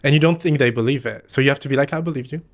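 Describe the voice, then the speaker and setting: A man's voice: mid-range voice, very fast. Man, blunt and swearing. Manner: blunt and swearing, coaching with laughs. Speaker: podcast guest. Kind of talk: casual chat.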